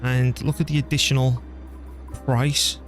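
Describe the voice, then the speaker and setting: A man streaming a strategy game, chatting casually and thinking out loud as he plays, laughing easily. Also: mid-range voice, flat delivery, measured pace, faint music behind. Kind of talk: casual gameplay commentary.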